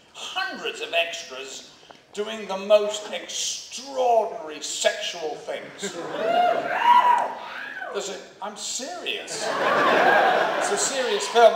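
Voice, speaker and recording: An older man from England, telling animated stories to a convention crowd and acting out the voices of others. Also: high-pitched, noisy background. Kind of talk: anecdote to a live audience. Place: convention hall stage. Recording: echoey hall, mic from a distance, crowd laughing. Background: audience laughter.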